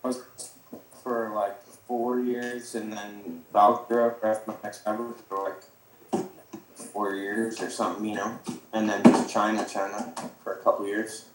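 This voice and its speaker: A man from South Dakota, a guest on a casual podcast, talking in halting, drifting sentences. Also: fairly low pitch, little pitch movement, echoey room, faint music behind, rough recording. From South Dakota, USA. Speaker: podcast guest, motocross rider. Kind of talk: casual chat.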